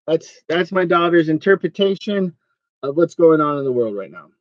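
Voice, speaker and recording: A man talks through a loose, rambling vlog, joking and complaining and laughing often. His voice sits fairly high. The sound is dry and slightly dull and lo-fi. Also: lively intonation, moderate pace, dry recording. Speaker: online reseller vlogger. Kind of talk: casual rambling vlog chat.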